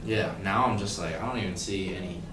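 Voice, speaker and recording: A man's voice: sits low, fairly quick, noisy background. A young man who is a podcast guest, chatting casually in a laid-back way. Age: young adult. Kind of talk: casual chat.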